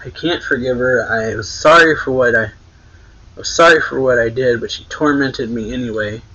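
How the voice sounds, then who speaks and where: A man reading out the lines of an angry, vengeful young man, a little louder than his own talk. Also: medium pitch, normal speed, dull audio.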